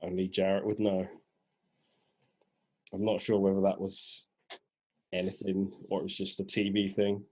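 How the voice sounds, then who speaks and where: Low, dark, husky male podcaster. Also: monotone, moderate pace, pauses often. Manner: laid-back, recaps the show. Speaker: podcast co-host. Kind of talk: casual chat. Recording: dull lo-fi podcast audio.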